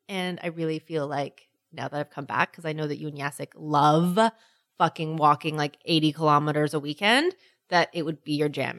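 A woman co-hosting a casual chat, telling stories in an animated way, swearing freely and acting out what people said. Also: low-pitched. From Canada.

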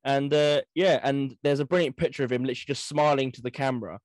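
A man co-hosting a history podcast, telling anecdotes in a relaxed, filler-laden way. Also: medium pitch, fast talker, no echo. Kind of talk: casual conversation.

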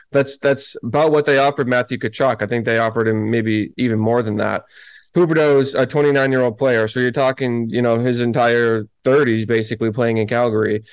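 Man, sports talk host, conversational, probing questions, mid-pitched, close dry mic. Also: smooth, no room sound. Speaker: hockey podcast host.

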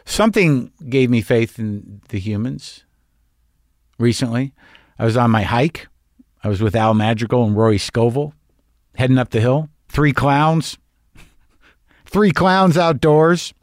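A man hosts a podcast in a rambling, sardonic monologue, his voice sitting at an ordinary pitch. He swings between loud bursts and quiet asides. The close recording has almost no room sound. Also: measured pace, no room sound. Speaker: podcast host. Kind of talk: conversational monologue.

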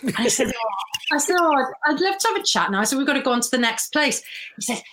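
A woman's voice: high-pitched, very animated, fast. A woman, telling stories in a casual chat, laughing often. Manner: warm storytelling, laughs often, mimics voices. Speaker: guest.

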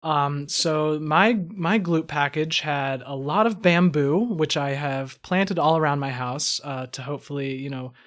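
A man playing a spacey comedy podcast host who talks in a halting, drawn-out way. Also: fairly high pitch, fairly bright tone.

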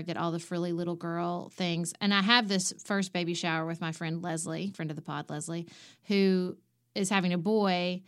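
Chatty woman with a low voice. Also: vocal fry. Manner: animated, acts out quoted voices. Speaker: podcast co-host. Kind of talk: personal storytelling.

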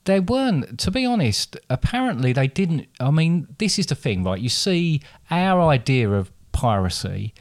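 A man's voice: a little high, sing-song, moderate pace, hardly any pauses, no room sound, clean studio sound. A man hosting a casual podcast, rambling and correcting himself as he explains. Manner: rambling, self-correcting, chatty. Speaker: podcast host.

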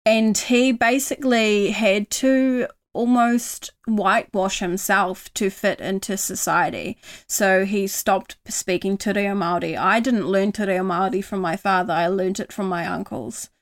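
A young woman from New Zealand, here as a guest, talks earnestly and casually in a mid-range voice that is steady and a little slow. She softens noticeably when voicing kind self-talk.

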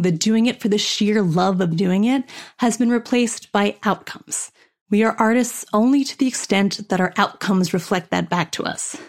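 A woman with a mid-range voice gives a motivational talk to fellow actors. She speaks frankly and with dry humor, and she swears casually. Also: medium pitch. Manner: candid, profane and wry. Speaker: actor and coach.

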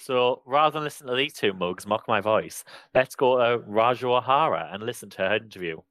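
A man's voice: medium pitch, animated, fairly quick, a bit bright, no echo. A man co-hosting a podcast in casual chat, with a dry, self-mocking humor. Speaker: podcast co-host.

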